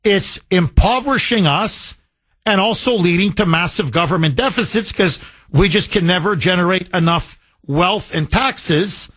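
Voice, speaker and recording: Man from Canada, talk radio host, high voice, dry close studio sound, emphatic, repeats lines for effect. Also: a bit bright, no echo. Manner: emphatic, repeats key phrases for punch. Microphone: studio microphone.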